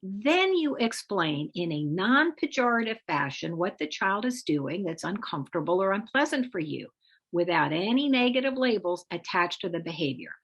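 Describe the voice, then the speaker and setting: Measured woman explaining parenting steps. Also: on the low side, sing-song, slightly rough, highs cut off. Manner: measured, explanatory, acts out example phrases for parents. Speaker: parenting expert presenter. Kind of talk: instructive webinar talk.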